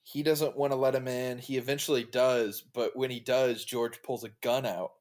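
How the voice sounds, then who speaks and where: A man joining a casual chat as a guest, relaxed, mostly agreeing with short replies and laughs. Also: medium pitch, normal speed.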